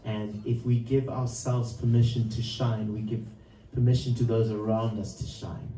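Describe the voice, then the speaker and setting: Male musician, relaxed rambling storyteller with a warm, mellow tone, picked up from a distance in an echoey live room. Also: medium pitch, moderate pace, a little hiss or hum. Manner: loose, rambling storyteller with frequent chuckles. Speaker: musician introducing a song. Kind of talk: live storytelling between songs. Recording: roomy live sound from a distance.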